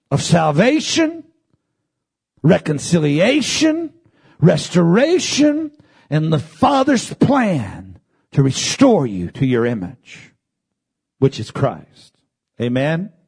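Gravelly, husky preacher man, big swings. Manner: swings from low murmurs to high shouted peaks; calls for congregation responses. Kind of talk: sermon.

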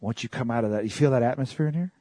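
A man preaching a sermon in an animated way, often jumping up into high excited exclamations. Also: racing, no echo.

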